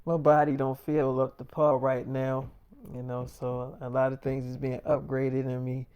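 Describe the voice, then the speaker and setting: A man's voice: medium pitch, completely flat delivery, measured pace, clear, resonant tone, highs cut off. Rambling, profane man telling a story. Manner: loose, profane, repetitive storytelling with many fillers. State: feeling lightheaded. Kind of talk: rambling casual monologue.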